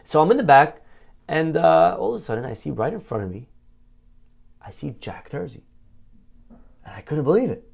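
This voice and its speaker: A man's voice: fairly high pitch, very animated, moderate pace, creaky, pauses often, a little mellow, slightly rough. A man speaking as a rabbi, telling a heartfelt story in a conversational sermon, with many "you know" fillers.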